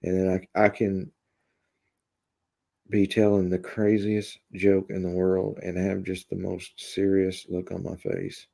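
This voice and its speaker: Low gravelly man chatting on a live stream. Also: unhurried. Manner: deadpan, rambling with many fillers. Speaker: live-stream host reading chat. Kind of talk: casual live-stream chat.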